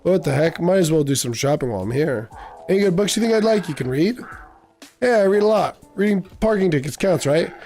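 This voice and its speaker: A man's voice: high-pitched, lively intonation, brisk, warm tone, soft background music. A man voicing a sarcastic male cat detective in a video game, quipping wryly. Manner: wry, sarcastic quips.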